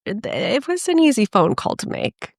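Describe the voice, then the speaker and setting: A woman co-hosting a podcast in relaxed casual chat, speaking haltingly with fillers. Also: a little high, vocal fry, no room sound, studio quality. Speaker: podcast co-host.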